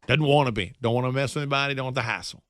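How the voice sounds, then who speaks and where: Middle-aged radio host telling a story. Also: male voice, mid-range voice, racing, no room sound, clean studio sound. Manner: storytelling, animated and self-joking. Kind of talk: casual monologue.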